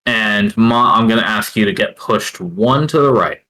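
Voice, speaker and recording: Man as game master, low voice, bright tone, halting with many pauses. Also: low-quality recording. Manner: hesitant, many filler pauses. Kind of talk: narrating a tabletop game.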